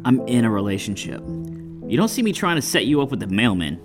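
Man as earnest son, pleading, lively pitch. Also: fairly quick, over music, close to an everyday voice. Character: earnest young man in love with a chair.

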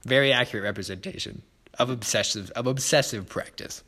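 A man co-hosting a relaxed film podcast with a bright, forceful voice. He retells scenes in an animated, chatty way, peppered with "like" and quick acted snippets of dialogue. His pitch sits right in the middle of the usual male range. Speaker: podcast co-host. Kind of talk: casual film discussion.

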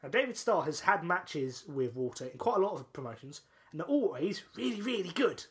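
A man co-hosting a podcast, telling a long story in casual chat, excitable and full of restarts and laughs. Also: a little high, a little fast. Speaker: podcast co-host.

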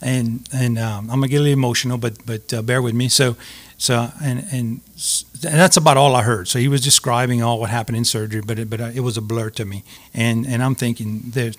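A middle-aged man with a drawl shares a personal story as an interview guest. He talks earnestly and haltingly, circling back and restarting phrases as he goes. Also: medium pitch, steady tone.

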